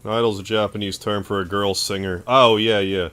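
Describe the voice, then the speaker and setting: Canadian man streaming, low voice. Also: normal speed, clean tone, soft background music. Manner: excitable outbursts, laid-back thanks. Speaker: game streamer. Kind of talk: casual gameplay commentary, thanking chat.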